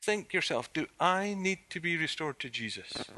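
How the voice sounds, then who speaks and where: A man's voice: on the high side, lively intonation, moderate pace, pushed and bright, slight background noise. A man preaching a sermon at a church service, putting direct rhetorical questions to the congregation. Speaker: pastor.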